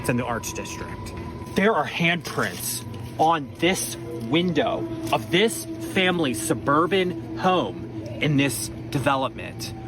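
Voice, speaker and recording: A man's voice: on the high side, animated, slow, over music. A man impersonating a self-serious ghost-hunting TV host. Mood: portentous. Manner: dramatic, portentous narration with cheesy asides.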